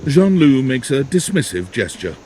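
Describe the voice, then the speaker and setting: A man's voice: mid-range voice, sing-song, normal speed, dark tone, a little hiss or hum, lightly acted. A man narrating a video game in a dry, wry scripted style.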